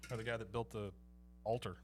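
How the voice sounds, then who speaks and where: A laid-back man chatting casually as a podcast host, his voice on the low side. He jokes around and laughs easily. Music plays clearly behind him. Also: steady tone, brisk. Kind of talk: casual chat.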